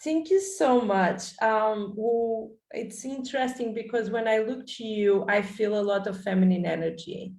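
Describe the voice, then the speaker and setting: A woman's voice: mid-range voice, a little slow, hardly any pauses. Effusive woman host, echoey room. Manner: warm, encouraging, effusive. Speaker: podcast host. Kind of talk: podcast interview.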